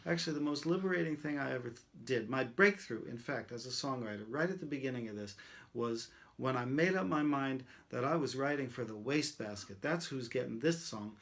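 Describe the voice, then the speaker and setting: A man's voice: medium pitch, creaky. A man teaching songwriting, thinking aloud as he tries out rhymes and sung lines over a guitar. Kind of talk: songwriting demonstration, talking and singing.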